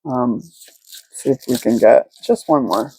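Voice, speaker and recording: A woman's voice: very deep voice, unhurried, dark tone, husky, poor audio. A woman giving a casual, rambling tarot reading from home, talking with lots of fillers and restarts. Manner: rambling, filler-heavy, chatty. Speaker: tarot reader.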